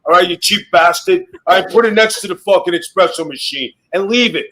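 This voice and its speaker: Brash, profane man roasting in a high voice. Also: fairly quick, sharp tone, low-quality recording. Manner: brash, profane, mock-mobster banter. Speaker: guest wrestler. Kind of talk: loud comedic roasting, storytelling. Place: podcast studio.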